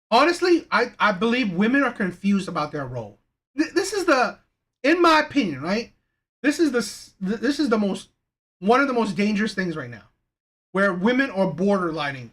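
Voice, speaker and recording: A woman's voice: mid-range voice, sing-song, normal speed, husky. A woman hosting a reaction channel, giving exasperated, critical commentary with many false starts.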